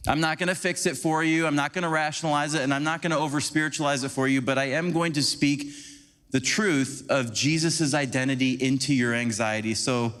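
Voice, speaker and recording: A man's voice: fairly high pitch, brisk. A man preaching in a reverberant hall. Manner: conversational, animated, acts out scenes. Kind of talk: sermon. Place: church sanctuary. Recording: long church hall reverb.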